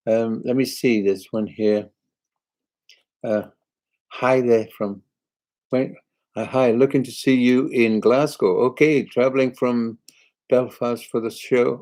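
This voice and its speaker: A man's voice: mid-range voice, steady tone, takes it slowly, pauses often, darkish tone, low-quality recording. An older British man, a singer hosting a live chat, reading viewer comments aloud in a chatty, rambling way. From Britain.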